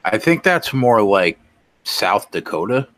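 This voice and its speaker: Male co-host, very low voice, bright forceful edge, blunt, swears a lot. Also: very animated, takes it slowly, dry recording. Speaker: podcast co-host. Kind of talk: casual sports betting chat.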